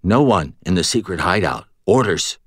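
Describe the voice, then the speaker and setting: A man's voice: low-pitched, very animated, moderate pace, husky, no room sound, studio quality, exaggerated voice. A man voicing a dim, simple-minded young male cult minion in an audiobook. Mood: stubborn. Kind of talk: audiobook character reading.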